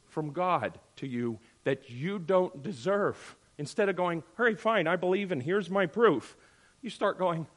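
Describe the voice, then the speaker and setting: Teaching from scripture, this animated man slips into brief quoted voices as he chats with his audience. He sounds slightly high-pitched for a male, and his volume leaps from loud bursts down to near-murmurs without warning.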